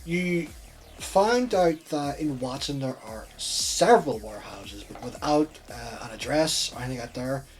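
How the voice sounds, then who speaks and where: A man's voice: medium pitch, animated, unhurried, faint music behind. A man narrating as game master of a tabletop game, giving matter-of-fact rulings.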